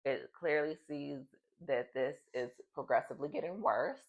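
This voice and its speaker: A woman's voice: sits low, normal speed, lo-fi sound. A young adult woman vlogger telling a personal story in a casual, chatty way, full of fillers. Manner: chatty, animated, many fillers.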